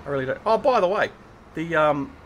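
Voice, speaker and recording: A man's voice: on the high side, animated, brisk, slight background noise. Chatty man hosting a gaming stream. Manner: chatty, teasing, thinking aloud while playing. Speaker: livestream host. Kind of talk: casual gaming livestream chat.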